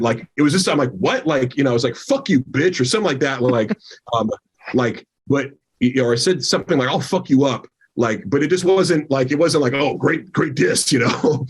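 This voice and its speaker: Man, husky voice, casual storytelling, rambling, mid pitch. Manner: rambling, full of "like" fillers.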